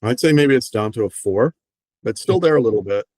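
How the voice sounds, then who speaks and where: A man speaking slowly and hesitantly as a client, naming his feelings with pauses. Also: mid-range voice, lively intonation, mellow, no echo. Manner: slow, reflective, hesitant with ums. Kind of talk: therapy session talk.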